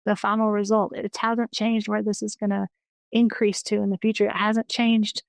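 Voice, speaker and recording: A woman's voice: mid-range voice, level tone, normal speed, creaky, dry recording. A woman in her forties, a guest in an interview, telling personal stories in an earnest, enthusiastic way and often restarting her sentences. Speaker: interview guest, financial educator.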